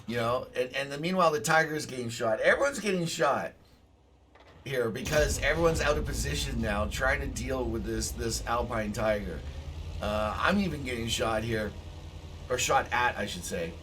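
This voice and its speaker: A man chats over his own tank match in a middle-pitched voice, swearing freely and erupting into shouts when the action heats up. He sits a little back from the microphone, and a faint background noise runs under his talk. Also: normal speed, recorded from a distance. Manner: excitable, swears, bursts into shouts. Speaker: gameplay commentator. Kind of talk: casual gameplay commentary.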